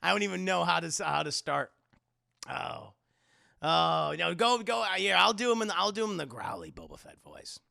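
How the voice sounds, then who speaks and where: A man hosting a livestream in a casual, excitable way, swearing freely and laughing often. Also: sits high, moderate pace, gravelly, no room sound, studio quality. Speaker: livestream host.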